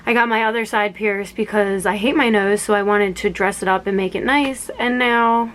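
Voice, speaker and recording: A woman's voice: medium pitch, fairly even intonation, moderate pace, hardly any pauses, fairly bright tone, slight background noise. Chatty young woman rambling to camera. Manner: chatty, rambling, self-correcting. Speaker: vlogger. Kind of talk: casual chat to camera.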